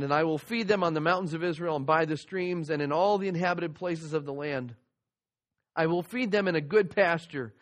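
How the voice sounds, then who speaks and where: Man preaching an earnest morning sermon. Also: on the high side. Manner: earnest teaching, reads scripture aloud. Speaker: pastor.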